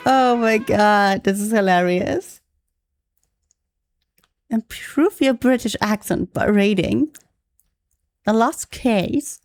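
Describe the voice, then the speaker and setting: A woman's voice: medium pitch, takes it slowly, long pauses, dry recording. A young adult woman streaming, chatting casually, laughing often and reading phrases aloud to practice them. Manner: giggly, reads text aloud and retries lines. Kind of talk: casual live-stream chat.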